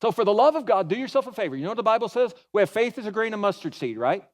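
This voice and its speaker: A pastor giving a sermon in an animated, folksy way, mixing humor into his storytelling. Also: high voice, rapid-fire. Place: church.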